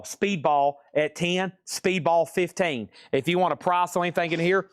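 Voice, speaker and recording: On a live online record sale, a male host jokes with viewers between lots while rapidly calling out grades and prices. His voice runs on the high side, and the studio-quality recording has no room sound.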